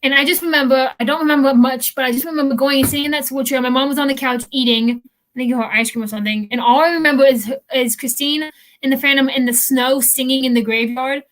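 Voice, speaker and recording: A woman's voice: high voice, steady tone, quick pace, a bit bright. A young woman, co-hosting a casual chat and rambling with lots of fillers and restarts. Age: young adult. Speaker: podcast co-host.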